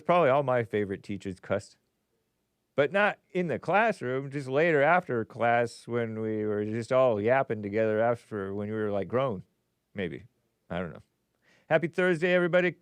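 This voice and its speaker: Hosting a casual livestream show, a man reads viewer messages aloud and answers them chattily, laughing often and muttering asides under his breath. His voice is mid-range with a clean tone, and the recording is dry.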